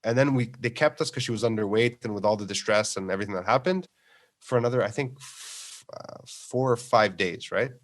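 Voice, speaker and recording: A man telling lively, profane stories about his kids on a podcast, acting out every quote. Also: on the low side, fairly quick. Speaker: podcast guest. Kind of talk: casual chat, storytelling.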